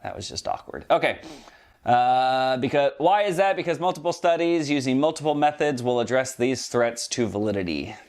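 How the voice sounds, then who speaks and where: A man's voice: medium pitch, normal speed, darkish tone. A man giving a playful statistics video lecture, joking and talking straight to his viewers. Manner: jokey, chatty, addresses viewers directly. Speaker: statistics educator. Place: goes outdoors to a duck pen.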